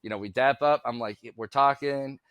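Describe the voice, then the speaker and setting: A man's voice: mid-range voice, steady tone, moderate pace, clean tone, no echo, dull audio. A middle-aged man, co-hosting a podcast, tells a rambling story in casual chat and acts out both sides of the conversation. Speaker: podcast co-host.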